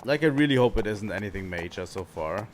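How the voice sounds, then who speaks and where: A man's voice: lowish voice, animated, a little fast, slight background noise. A young man streaming a video game, musing aloud and reading the game's dialogue, sometimes stumbling over words. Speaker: gaming streamer. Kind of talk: casual let's-play commentary, reading game dialogue aloud.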